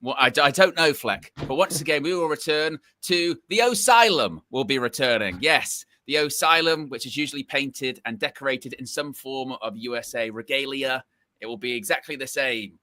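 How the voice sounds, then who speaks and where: A man's voice: medium pitch, moderate pace, bright, forceful tone, dry recording, studio quality. A man co-hosting a casual fan podcast, rambling and wry, often repeating himself.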